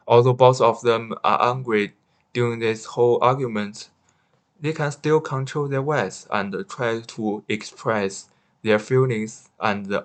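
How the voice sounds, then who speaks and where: Halting lowish-voiced man reading a study. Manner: careful, slightly halting, with restarts. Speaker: student presenter. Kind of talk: read-aloud class presentation.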